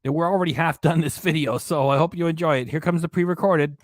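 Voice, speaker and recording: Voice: medium pitch, steady tone, fast. A livestream host chatting casually, thanking viewers by name and reading out comments between video clips.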